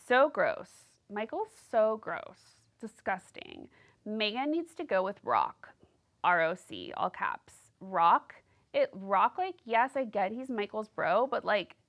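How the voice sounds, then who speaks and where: A woman's voice: mid-range voice, fairly bright tone. A woman hosting a casual solo podcast, gossiping and rambling with lots of "like". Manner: gossipy, rambling, heavy use of "like". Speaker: podcast host.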